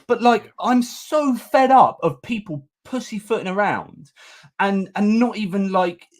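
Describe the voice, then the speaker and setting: A man hosting an online show, ranting in animated commentary. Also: sits high, a little slow. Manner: ranting, excitable. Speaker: host.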